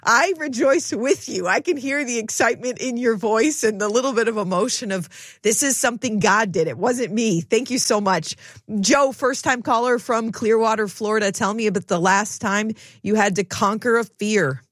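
A woman's voice: fairly high pitch, moderate pace, dry recording, clean studio sound. A woman hosting a Christian call-in radio show, introducing callers and encouraging them. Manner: warm-hearted, encouraging, faith-centered.

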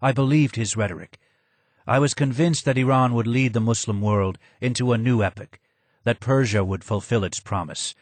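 Man reading hoarse, low-voiced old advisor, slow, sad, dry mic. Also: no room sound, natural voice. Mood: sorrowful. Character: broken old male former royal advisor, hoarse, sad.

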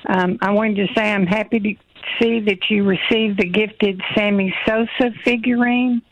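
A woman's voice: mid-range voice, fairly even intonation, normal speed, no room sound, muffled recording. A woman calling in to a radio show, friendly and a bit hesitant, with frequent fillers. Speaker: caller. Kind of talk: casual phone call.

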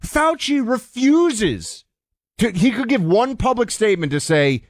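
A man co-hosting a political talk show, indignant, his voice swinging high when he gets heated. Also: big pitch swings, unhurried, no echo, studio quality. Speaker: radio co-host.

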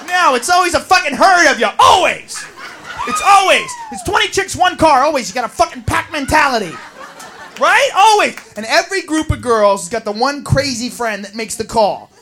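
A male stand-up comedian, profane and animated, shouting his bits on stage. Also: very high-pitched, normal speed. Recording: live club with loud crowd and noise.

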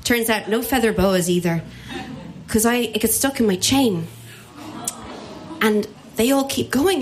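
Woman, Irish accent, live comic storyteller, animated, self-mocking, slightly high voice, faint background noise. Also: a little slow, long pauses. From Ireland.

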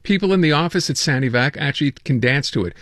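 A man's voice: fairly high pitch, lively intonation, fast talker, fairly bright tone, dry recording, clean studio sound. A man hosting a radio show, chatting casually and joking about news stories, stumbling over words now and then. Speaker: radio host. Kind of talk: casual talk radio banter.

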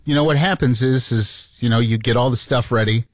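A man's voice: mid-range voice, a little fast, dry recording, studio quality. A man co-hosting a radio show, chatting casually and probing with questions. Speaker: co-host. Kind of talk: casual studio chat.

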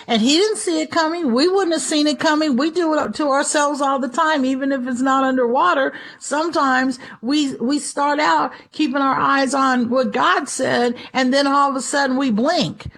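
A woman's voice: high-pitched, a bit bright. A woman giving a conversational Bible teaching, chatty and acting out everyday quotes. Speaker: preacher.

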